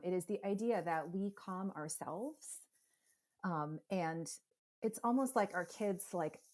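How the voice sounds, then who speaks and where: A middle-aged woman from the United States, a psychotherapist speaking as a podcast guest, talking animatedly and acting out parents and kids in quick voices. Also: fairly low pitch, a little mellow. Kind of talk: conversational interview.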